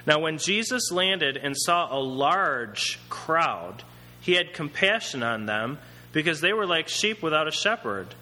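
Guy preaching a sermon, chatty and animated, pretty high bright voice, long echo like a big hall. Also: measured pace. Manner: conversational, animated, acts out characters.

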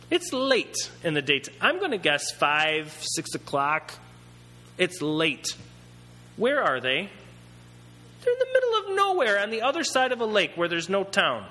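A man preaching a sermon in a conversational, animated way, acting out characters as he tells the story. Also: high voice, long reverb tail.

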